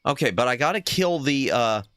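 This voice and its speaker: A man's voice: medium pitch, animated, a little fast, a bit bright, no echo, clean studio sound. A man streaming a retro adventure game, thinking aloud in casual commentary and reading the game text aloud.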